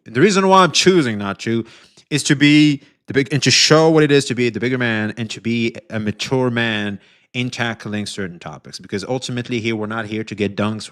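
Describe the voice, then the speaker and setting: Streaming live, a man reacts to a video and talks straight to his chat in a loose, profane style, swearing and restarting his sentences often. His voice is medium in pitch and a bit bright.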